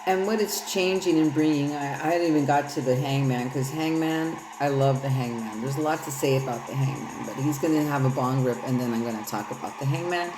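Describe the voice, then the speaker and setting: A woman's voice: rumbling low, a little fast, hardly any pauses. A woman giving a loose, rambling tarot reading in casual, profane talk. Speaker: tarot reader. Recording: echoey room with loud music.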